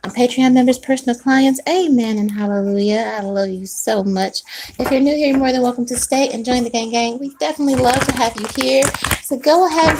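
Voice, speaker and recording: A woman's voice: a little high, background noise. A woman giving a casual tarot reading to her channel, sassy and chatty, full of slang, asides and laughs. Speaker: tarot reader.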